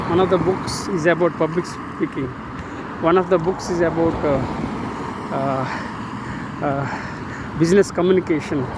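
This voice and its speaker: A man in his sixties with an Indian English accent gives a casual motivational talk outdoors, halting often on drawn-out fillers. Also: a little high. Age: 60s. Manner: earnest, uplifting. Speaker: channel host. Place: outdoors near a road. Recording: outdoor traffic noise behind.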